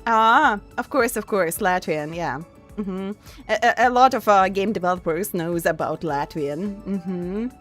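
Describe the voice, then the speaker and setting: A woman with a German accent streaming a game, reading dialogue aloud and chatting with halting pauses and frequent laughter. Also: medium pitch, a bit bright, faint music behind. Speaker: VTuber streamer.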